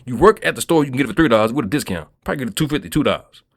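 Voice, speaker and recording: A man from Kentucky rambles through a profane vlog monologue, streetwise in manner and forever asking listeners "you feel me." He speaks very fast in an expressive, mid-range voice.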